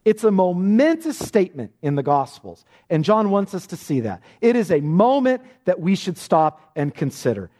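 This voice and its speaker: A man's voice: high voice, very animated, normal speed, few pauses, a little mellow. A man preaching an expository sermon, emphatic, often repeating words and restarting phrases as he presses a point.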